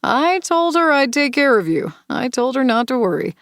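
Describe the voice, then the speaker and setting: A woman voicing a smooth, manipulative man in an audiobook thriller, speaking softly and coaxingly. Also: sits high, normal speed, no echo, clean studio sound, voice pushed up. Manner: soft, coaxing, sinister calm. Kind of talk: audiobook character voice.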